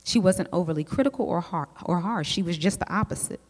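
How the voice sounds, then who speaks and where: A woman, a psychologist giving a teaching talk to a group of women, telling lively personal stories and speaking straight to her listeners. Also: on the low side, fast talker, slightly rough. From United States. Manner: lively storyteller who speaks straight to the audience. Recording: long hall reverb.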